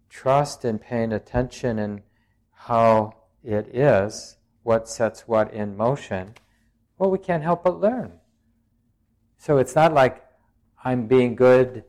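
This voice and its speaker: Reflective man giving a dharma talk. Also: mid-range voice. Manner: reflective, searching phrasing with frequent pauses; plain-spoken and gently humorous. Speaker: meditation teacher.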